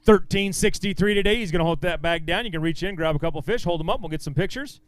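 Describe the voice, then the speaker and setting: A man's voice: sits high, quick pace, smooth, no room sound. A man emceeing a fishing tournament weigh-in on an outdoor stage, upbeat and encouraging as he bantes with the anglers. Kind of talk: live weigh-in announcing.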